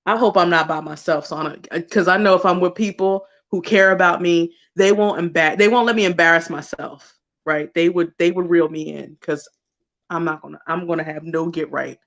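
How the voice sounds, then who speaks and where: A woman's voice: fairly low pitch, steady tone, normal speed, a bit bright, highs cut off. A woman hosting a casual livestream, chatty and gushing, talking straight to her viewers with frequent laughs. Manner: talks to chat viewers directly. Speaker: livestream host.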